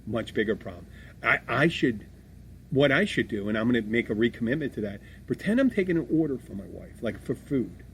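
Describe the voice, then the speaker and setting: A middle-aged man co-hosting a podcast, chatting casually in a rambling, animated way and swearing freely. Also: medium pitch, a little fast, a little hiss or hum. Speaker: podcast co-host. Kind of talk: casual chat.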